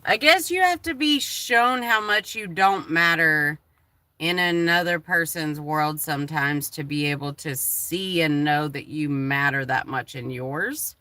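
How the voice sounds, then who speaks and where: A woman's voice: deep voice, expressive, a little slow, pushed and bright, no echo. A woman chatting candidly on a livestream, emotional and swearing freely. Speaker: live streamer. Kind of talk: casual livestream chat.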